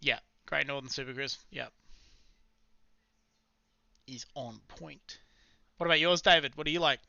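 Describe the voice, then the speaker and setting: An Australian man with a sharp, bright, crisp voice chats loosely on a live stream, rambling and joking in slangy talk. The sound is dry and close, with slightly dull, lo-fi streaming audio. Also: on the high side, measured pace, dry recording. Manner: chatty, rambling, laughs often, slangy. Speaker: livestream trading host. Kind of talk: casual live-stream chat.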